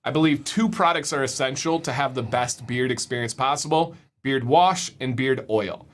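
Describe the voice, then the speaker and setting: A man's voice: medium pitch, moderate pace. A young man hosting a casual livestream, upbeat, often repeating words as he reads the chat. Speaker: livestream host.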